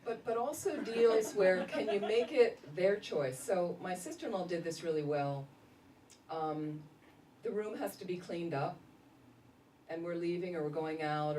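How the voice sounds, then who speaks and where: A woman, a Buddhist nun, giving a casual dharma talk full of lively stories and laughter. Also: fairly low pitch, unhurried. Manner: animated storytelling, laughing often. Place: meditation center hall. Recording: roomy echo, distant mic, faint noise.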